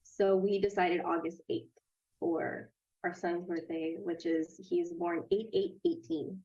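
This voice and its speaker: A woman in her thirties, a podcast guest, telling a personal story in a casual, animated way, acting out quoted voices and laughing often. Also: fairly low pitch, slow pace, highs cut off.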